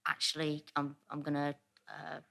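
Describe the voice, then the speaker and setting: A woman's voice: low-pitched, completely flat delivery, moderate pace, gravelly, pushed and bright. A woman TV writer, a guest on a casual pub podcast, speaking hesitantly with many fillers.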